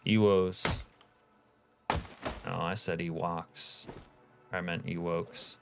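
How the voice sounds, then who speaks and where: A man's voice: on the low side, measured pace, over loud music. Laid-back swearing male game streamer. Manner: laid-back, profane, reads chat aloud. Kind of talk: casual live-stream commentary.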